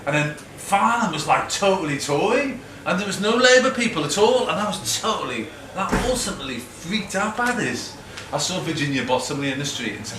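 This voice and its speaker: A man's voice: on the high side, expressive, a little fast, few pauses. A middle-aged man with a Liverpool accent, telling rambling, self-mocking stories to an audience and acting out quotes. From Liverpool, England. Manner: chatty, self-mocking, acts out quotes, laughs often. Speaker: guest speaker. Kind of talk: rambling anecdotal talk to an audience. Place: event hall with a live audience. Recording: echoey hall, mic from far off, background noise.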